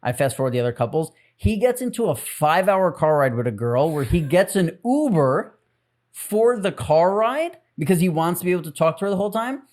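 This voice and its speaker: Podcaster telling a story, gets excited, laughs while talking. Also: medium pitch, fairly quick. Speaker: podcast co-host. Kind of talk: casual chat.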